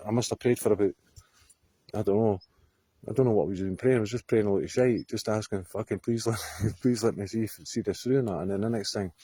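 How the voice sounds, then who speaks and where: A man's voice: mid-range voice, mellow, slightly rough, no room sound. A Scottish man telling a story to camera outdoors on a hillside, rambling, swearing freely and often laughing. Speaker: vlogger.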